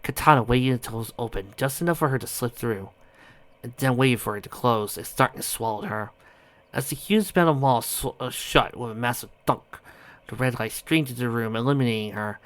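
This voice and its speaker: A man reading a fan story aloud, often stumbling over a word and correcting himself. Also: medium pitch. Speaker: audiobook reader.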